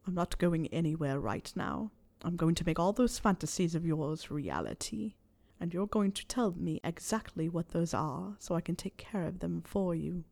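A woman voicing a stern older male wizard professor, speaking low, hushed and measured. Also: expressive, gravelly. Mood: low intent.

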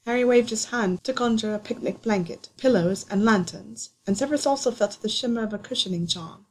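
A woman reading a story aloud in calm, even narration. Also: a little high, a little fast, slightly rough. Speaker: audiobook reader. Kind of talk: scripted narration.

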